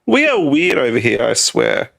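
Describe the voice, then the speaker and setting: A man's voice: mid-range voice, wildly swooping pitch, moderate pace, creaky, fairly bright tone. A man from Australia with an Australian accent, chatting casually as a podcast co-host and laughing often. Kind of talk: casual chat.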